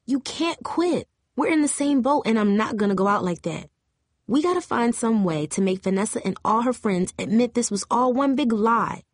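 For an audiobook, a woman voices a loyal, plain-spoken teenage girl who speaks in earnest, casual slang, pitching her fairly high, expressive voice above her natural one. She reads at a normal speed, and the studio-quality recording has no room sound.

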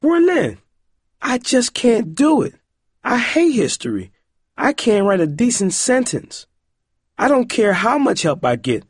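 A man's voice: wildly swooping pitch, measured pace, slightly rough, no echo, studio quality, exaggerated voice. A man voicing a desperate, whiny teenage girl in an audiobook. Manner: pleading, rising high.

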